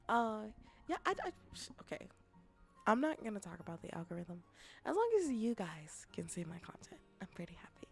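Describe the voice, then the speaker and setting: A young woman streaming a casual chat as a VTuber and ASMR creator, rambling with restarts and often dropping into soft whispers. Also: mid-range voice, big pitch swings, moderate pace, gravelly, soft background music.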